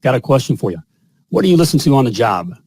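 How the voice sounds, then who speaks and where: A man's voice: mid-range voice, sing-song, fast talker, a little mellow, slightly rough, dry recording. A man hosting a live online talk show in a folksy, salesy way, repeating himself as he talks. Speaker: host of a live plumbing show. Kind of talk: upbeat live-stream monologue. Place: home studio.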